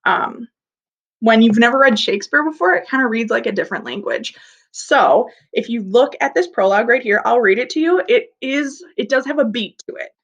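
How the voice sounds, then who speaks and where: In this recorded online class, a young woman speaks briskly in a slightly high, fairly bright voice with lively intonation. She teaches English in a playful, talkative style and breaks ideas down simply.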